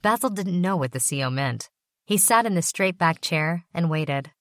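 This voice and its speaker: Low-voiced woman reading an audiobook. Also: moderate pace, a bit bright, no echo, clean studio sound. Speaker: narrator. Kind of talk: audiobook narration.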